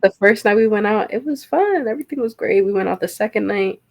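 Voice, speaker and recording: A woman's voice: medium pitch, gravelly. A woman guest in casual podcast chat, telling her stories in a chatty way and laughing easily. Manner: chatty storyteller, quick to laugh.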